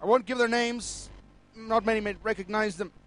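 A man's voice: high-pitched, steady tone, moderate pace, fairly bright tone. A middle-aged man, a pastor preaching a sermon emphatically and calling out to his audience.

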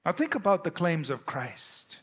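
High-voiced preaching man, Indian accent. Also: sing-song, normal speed, a bit bright, breathy edge. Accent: Indian English. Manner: emphatic preaching with rising and falling delivery. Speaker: pastor. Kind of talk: sermon. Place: church.

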